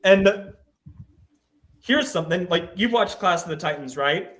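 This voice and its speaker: A man's voice: sits high, expressive, measured pace, a bit bright. A man chatting casually as a guest on a podcast, rambling and searching aloud for names. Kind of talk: casual chat.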